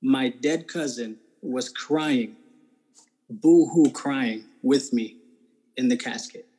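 This is a man from New Jersey sharing his faith testimony in an interview. He speaks at an ordinary middle pitch. His delivery is casual and earnest, with emphatic stresses and frequent "right?" check-ins. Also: slow pace, dark tone, husky, low-quality recording. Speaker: interview guest.

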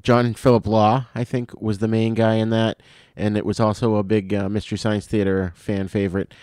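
A man co-hosting a film podcast, easygoing, laughing often and trailing off quietly. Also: lowish voice, level tone, moderate pace, dry recording, studio quality. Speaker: podcast co-host. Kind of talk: casual film review chat.

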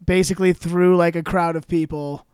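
A man's voice: a little high, steady tone, moderate pace, darkish tone, clean tone, no room sound, clean studio sound. A man chatting casually on a comedy podcast, loose and profane, laughing often. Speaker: comedian podcast guest or host.

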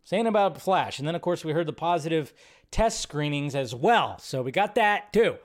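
A man's voice: fairly high pitch, animated, moderate pace. Chatty man hosting a movie news show. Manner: chatty, rambling, thinking aloud with fillers. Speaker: host. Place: home setup at a computer.

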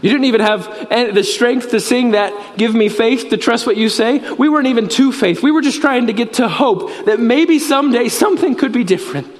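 A man preaching a sermon as a pastor, earnest and repetitive, with emphatic pauses. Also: extremely high pitch. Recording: reverberant hall.

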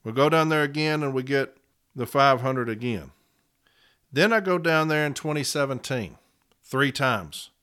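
A man speaking as a union representative in a casual podcast monologue. He tells his account plainly and repeats case numbers slowly. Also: medium pitch, expressive, fairly bright tone, clear, resonant tone.

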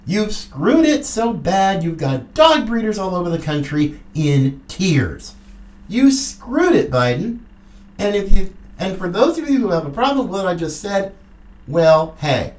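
A woman's voice: fairly low pitch, a little mellow, far from the mic. A woman hosting a political commentary podcast, ranting in an angry, mocking, sarcastic way. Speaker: podcast host. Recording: echoey room.

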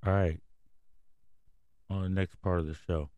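A man's voice: sits low, fairly even intonation, measured pace, dark tone, no echo. A man hosting a casual news commentary podcast, reading headlines and then going off on profane, rambling rants. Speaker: podcast host.

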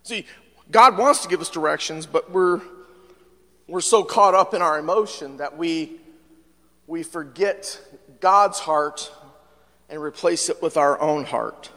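A man preaching a sermon as pastor, in an animated style that swings from hushed to loud. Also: fairly high pitch, unhurried, long pauses, big-room sound. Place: church sanctuary.

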